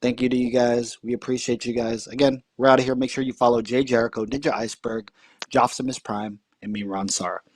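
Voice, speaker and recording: A man's voice: mid-range voice, steady tone, fairly quick, no echo. A man hosting a podcast, telling a story casually and rambling with lots of fillers. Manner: rambling, full of fillers and restarts. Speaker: podcast host. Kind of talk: casual chat, comic storytelling.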